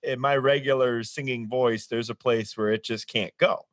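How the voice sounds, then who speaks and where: A man with a medium-pitched voice chats loosely and laughs a lot in a podcast conversation. His voice sits close and dry on the mic. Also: fairly even intonation, moderate pace, fairly bright tone, dry recording. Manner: chatty and laughing, voice jumps up when amused. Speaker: podcast co-host and singer. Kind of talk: casual podcast discussion.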